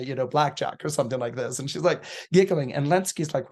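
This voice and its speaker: A man's voice: fairly high pitch, a little fast, few pauses. Chatty man telling a story animatedly. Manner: animated, retells a plot with many restarts and fillers. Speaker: podcast astrologer guest. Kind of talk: casual spoken storytelling.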